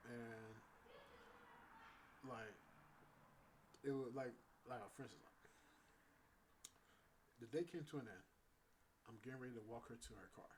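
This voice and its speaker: A man in his thirties tells a casual vlog story at an ordinary middle pitch, loose and rambling with constant fillers and frequent laughs. He is recorded on a phone with a small external mic, with faint noise in the background. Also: low-quality recording. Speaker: vlogger.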